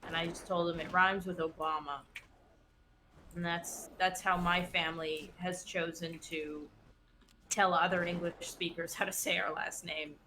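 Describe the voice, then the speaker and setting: Chatty woman streamer, casual storyteller, lower pitch, faint ambience. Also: flat delivery, unhurried, pushed and bright, slight background noise. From West Coast. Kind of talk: casual chat while gaming.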